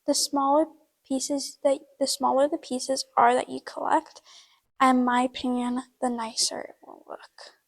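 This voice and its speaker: A woman's voice: high-pitched, level tone, measured pace, creaky, rough recording. A woman hosting a horse-care video at a barn, explaining a braid in a chatty, casual way with lots of fillers while she works. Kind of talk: casual how-to demonstration.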